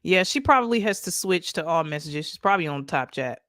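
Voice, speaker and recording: A woman from Michigan hosts a late-night livestream, chatting casually, laughing often, and speaking directly to her viewers as she reads out stories and chat messages. Her voice is fairly low in pitch, a bit bright, and fairly quick, with lively intonation. The audio is studio quality with no room sound.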